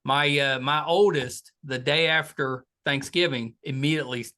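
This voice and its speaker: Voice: mid-range voice, moderate pace, sharp tone. Podcast host chatting with a guest, jokey, lots of uhs. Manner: chatty, joking, filler-heavy. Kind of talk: casual interview chat.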